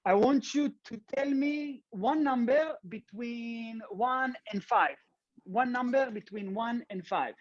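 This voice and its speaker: A man's voice: very high-pitched, takes it slowly. A man from Israel speaks with his Israeli accent as he leads a magic show over a video call. He is playful and chatty, coaxing the audience along step by step. The call audio comes through dull and lo-fi.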